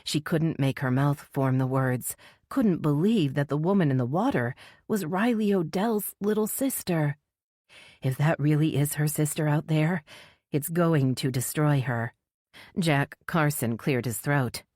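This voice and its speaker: A woman narrates a thriller audiobook in a low, grounded voice, recorded dry and close with no room sound. She lifts her pitch to voice the other characters. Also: a little slow, darkish tone, dry recording.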